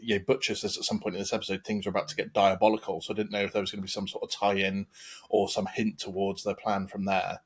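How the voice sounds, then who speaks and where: Talking a bit quickly in a fairly low, level voice with a slight roughness, a man from England hosts a podcast. The conversation is casual and meandering, full of ums and false starts.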